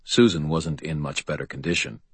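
Deep husky man narrating an audiobook. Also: steady tone, normal speed, no room sound. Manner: dry, wry storytelling. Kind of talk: first-person audiobook narration.

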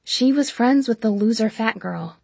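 A woman reading a first-person story as an audiobook narrator, emotional and intimate, slowing down for dialogue. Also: fairly high pitch, animated, creaky, darkish tone, slightly rough, dry recording.

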